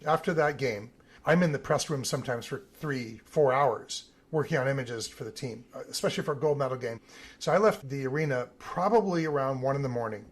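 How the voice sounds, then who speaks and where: A man, an Olympic team photographer, telling lively stories in a podcast interview and acting out the voices of the people he quotes. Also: mid-range voice, fairly quick, breathy edge. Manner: animated storyteller, acts out quoted voices.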